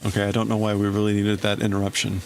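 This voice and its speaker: A man's voice: lowish voice, completely flat delivery, quick pace, creaky, darkish tone, slight background noise. Man translating manga aloud on a stream. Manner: thinking aloud, breaking up phrases, laughing at himself. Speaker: livestream host. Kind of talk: casual translating of manga on a livestream.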